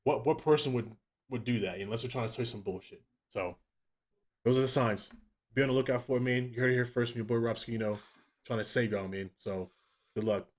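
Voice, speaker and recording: Give me a young man co-hosting a casual podcast, swearing a lot and talking fast. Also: medium pitch. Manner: profane, fast, animated storytelling. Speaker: podcast co-host. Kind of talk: casual chat.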